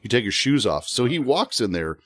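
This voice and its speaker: Lively man telling a funny story. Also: mid-range voice, brisk. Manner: animated, laughing often while telling a story. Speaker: podcast guest. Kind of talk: casual storytelling.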